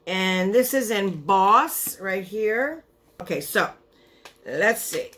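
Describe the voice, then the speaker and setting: A woman's voice: mid-range voice, expressive, slow pace, a bit bright. A young woman vlogger chatting casually through a beauty box unboxing, tired, her voice giving out, rambling and cutting herself off. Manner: chatty, rambling, self-interrupting.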